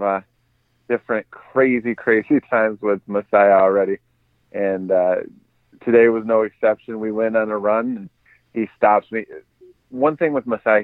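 A man's voice: lowish voice, no echo. A man guest telling laid-back stories on a podcast, hesitant with many fillers, heard over a phone-like line. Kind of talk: casual storytelling.

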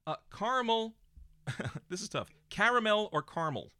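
Lively bright-voiced man, dry sound. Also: high-pitched, normal speed, clean tone, dry recording. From United States. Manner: joking, playful back-and-forth. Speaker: podcast co-host. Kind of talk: casual chat.

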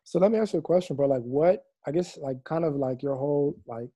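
A laid-back man asks his guest casual questions, full of slang and fillers. His voice is very dark and mellow, and the sound is dry and close. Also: on the high side, a little fast, no echo. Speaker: host.

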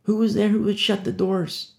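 A man's voice: high-pitched, little pitch movement, moderate pace, vocal fry, a little mellow. A man preaching an informal sermon, talking conversationally and acting out little scenes. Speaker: pastor. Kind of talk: informal sermon on a Bible passage.

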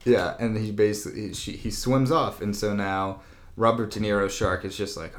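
A man co-hosting a casual chat, recapping a movie plot with sarcasm, laughs and quick silly voices for the characters. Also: on the low side, fairly even intonation. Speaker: podcast co-host.

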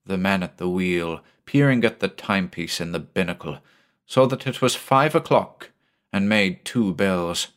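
A man with a fairly low voice narrates a sea tale in audiobook style. His reading is measured and even, keeping a steady storyteller's hold on each sentence.

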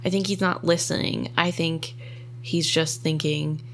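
A woman co-hosting a casual book chat, talking in a chatty, emotional way full of likes and ums. Her voice sits lower than most women's. A faint hum is heard behind her. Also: fairly even intonation, a little slow, vocal fry, fairly bright tone. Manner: chatty, filler-heavy, emotional. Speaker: podcast co-host.

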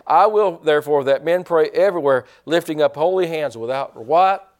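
A man's voice: fairly high pitch, moderate pace. A man preaching a sermon in a folksy, joking way, restarting his sentences often. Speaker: pastor.

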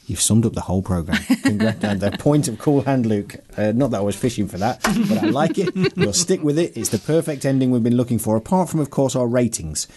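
A man's voice: mid-range voice, fairly quick, few pauses, a little hiss or hum. Jokey man hosting a podcast. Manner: self-mocking, jokey, animated. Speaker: podcast host. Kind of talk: casual chat.

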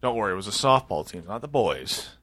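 A man's voice: fairly low pitch, very animated, quick pace, a bit bright. A young man chatting casually as a podcast co-host, rambling and joking with frequent laughter. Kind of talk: casual chat.

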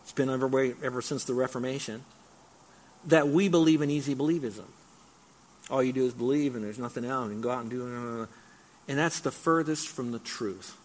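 A middle-aged male pastor preaching an expository sermon, animated, with voiced asides and emphatic repetition. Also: medium pitch, fairly quick.

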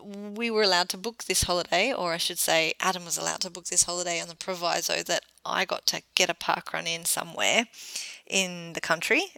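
A woman's voice: lowish voice, creaky, sharp tone, dry recording, poor audio. A woman, co-hosting a podcast in casual, chatty talk, laughing often and poking fun at herself. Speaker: podcast co-host. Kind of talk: casual chat.

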